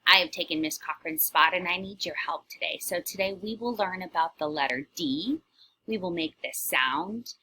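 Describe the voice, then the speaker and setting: A woman's voice: on the low side, normal speed, sharp tone, slight background noise. A woman playing a cheerful, theatrical witch who teaches a children's lesson in character, talking in a sing-song way with gasps and whispered asides. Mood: playful. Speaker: kindergarten teacher.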